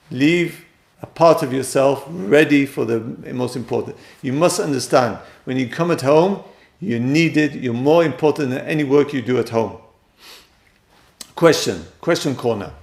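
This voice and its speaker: A man teaches a lesson on married life, his voice gravelly with fry at mid pitch. He speaks emphatically and turns to address the listeners directly, repeating his main points. The recording carries a roomy echo. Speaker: teacher giving marriage guidance.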